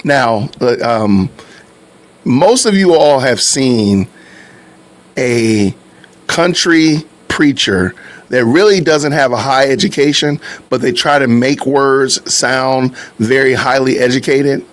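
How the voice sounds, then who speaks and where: A man's voice: mid-range voice, takes it slowly. A man hosting a podcast, reacting to clips in casual, conversational commentary that often turns to his viewers. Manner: conversational, repeats himself, addresses viewers.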